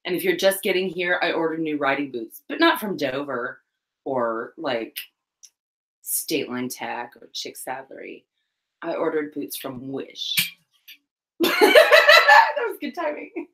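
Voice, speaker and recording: A middle-aged woman with a light Southern US drawl chats on a live stream about horses and riding gear. Her voice is bright and forward, her delivery is loose and animated, she scatters fillers, and she laughs freely. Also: very deep voice, measured pace, low-quality recording. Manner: chatty, animated, laughs often, lots of "like". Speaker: co-host of a live horse chat show. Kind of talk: casual live-stream chat.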